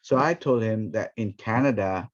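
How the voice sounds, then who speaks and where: Man, animated teaching stories. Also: lowish voice, normal speed. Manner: animated, acts out quoted speech. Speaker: ministry trainer. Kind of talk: storytelling teaching talk. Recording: dull, muffled recording.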